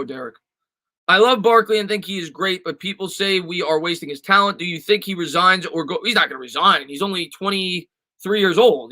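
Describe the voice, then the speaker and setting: A man's voice: high-pitched, sharp tone, poor audio. A man hosting a casual live sports stream, reading viewer questions aloud and answering with lots of fillers and restarts.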